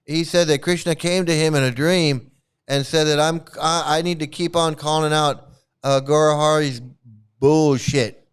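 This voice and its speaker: A man's voice: fairly high pitch, fairly even intonation, normal speed, clean tone. A man hosting a casual reaction livestream, mocking and profane, laughing often as he talks. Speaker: online streamer criticizing a cult.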